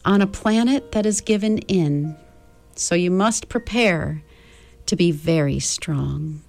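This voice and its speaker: A woman's voice: on the low side, lively intonation, slow pace, vocal fry, darkish tone, faint music behind, heavily acted. A woman voicing a kind, comforting old female being who speaks soothingly and calls the children dear, in a storybook reading.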